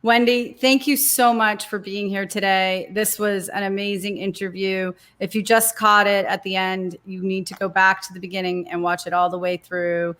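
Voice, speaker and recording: A woman's voice: medium pitch, flat delivery, normal speed, hardly any pauses, fairly bright tone. Casual, joking woman co-host wrapping up a show. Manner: upbeat, joking. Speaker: podcast co-host. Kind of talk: casual podcast talk.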